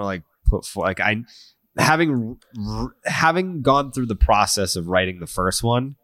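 A man's voice: on the low side, fairly bright tone, no room sound. A man hosting a podcast who is congested, chatting casually and self-mockingly, with casual swearing. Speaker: podcast host.

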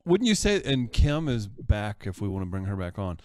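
A man's voice: lowish voice, big pitch swings, moderate pace, a little mellow, dry recording, studio quality. A man co-hosting a casual talk show, answering with support and agreement. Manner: supportive, affirming responses. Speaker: podcast co-host. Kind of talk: casual podcast chat.

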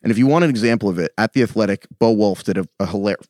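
A man's voice: lowish voice, rapid-fire, a little mellow, dry recording, clean studio sound. A man hosting a podcast, joking around and reading listener emails aloud in casual chat. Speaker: podcast host.

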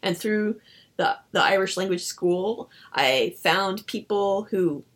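Woman, husky voice, interview guest, lively storyteller, acts out dialogue. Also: medium pitch. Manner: animated, acts out her own dialogue with laughs. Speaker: novelist guest.

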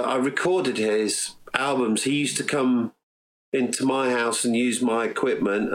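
A man's voice: mid-range voice, low-quality recording. A man tells a long, wandering story as a podcast guest, full of restarts and voiced quotes. His voice sits in a middle register. The talk is loose and chatty. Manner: rambling anecdotes, acts out quoted dialogue. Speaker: podcast guest, recording engineer. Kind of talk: casual storytelling interview.

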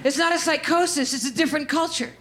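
High-voiced woman doing stand-up. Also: a crowd in the background. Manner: animated, acts out characters in quick quoted voices. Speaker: stand-up comedian. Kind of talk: stand-up set.

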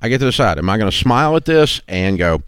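Male host, low voice, blunt and folksy, casual rambling chat, dry studio sound. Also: sing-song, fast, smooth, no room sound. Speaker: radio show host. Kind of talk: casual talk show chat.

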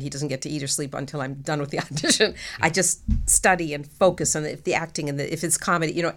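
Middle-aged actress, low voice, animated storyteller who laughs easily. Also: female voice. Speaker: actress guest. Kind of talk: casual interview chat.

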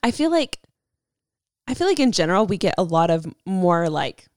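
A woman's voice: lowish voice, big pitch swings, normal speed, darkish tone, no room sound, clean studio sound. Chatty self-deprecating woman podcast host. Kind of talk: casual chat.

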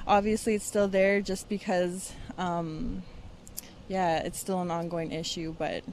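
A woman's voice: lowish voice, unhurried, a little hiss or hum. A woman, a parent, answering interview questions candidly and casually with frequent ums. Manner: relaxed, candid, many ums.

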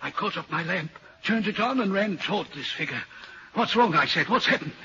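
A man's voice: high voice, expressive, fairly quick, sharp tone, slight background noise. A haunted railway signalman. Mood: troubled. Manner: earnest and troubled, recounting a ghostly sighting. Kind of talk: 1940s radio acting. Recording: dull old radio recording.

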